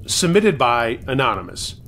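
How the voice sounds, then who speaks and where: A man narrates submitted true scary stories at a mid-range pitch. His reading is conversational rather than theatrical, and he drops in wry asides between the events. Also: big pitch swings, moderate pace, a bit bright.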